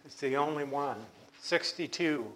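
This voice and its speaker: Pitched fairly high with a reasonably bright tone, a man works through a Bible study lesson. He takes his time explaining and keeps going back to restart his sentences.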